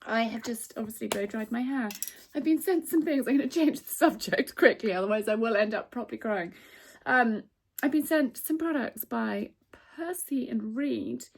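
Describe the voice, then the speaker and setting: A woman chatting warmly in a casual vlog, emotional at times. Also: fairly high pitch, vocal fry. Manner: chatty and emotional, fast asides. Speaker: vlogger. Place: stable yard and home, indoors and out.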